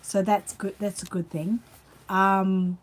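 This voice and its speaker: A woman's voice: medium pitch, little pitch movement, slow pace. Chatty Australian woman, tired and rambling. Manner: chatty, rambling, reads out viewer comments. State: tired, yawning. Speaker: channel host. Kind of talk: casual live-stream chat.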